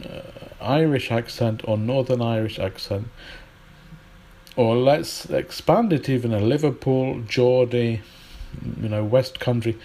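A man teaching English in a relaxed spoken lesson, chatty and thinking aloud with fillers and restarts. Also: medium pitch, poor audio.

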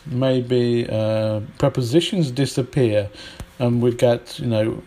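A man teaching at an unhurried pace, his voice mellow and warm. He explains patiently and illustrates each point with spoken examples. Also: mid-range voice, steady tone. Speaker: English teacher.

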